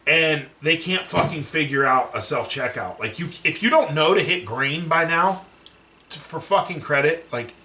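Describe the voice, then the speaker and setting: A man's voice: fairly high pitch, normal speed, echoey room, distant mic. A man co-hosting a podcast, ranting with lots of swearing in casual chat. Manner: ranting, profane, animated. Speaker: podcast co-host.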